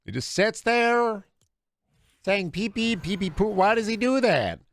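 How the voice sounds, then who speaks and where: A fussy male boss with a thin, squeaky voice, shrill and incredulous, drawing out his questions in disbelief, as a streamer puts him on. The voice sits far above the man's usual low register. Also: sing-song, measured pace, fairly bright tone, full character voice. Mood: baffled.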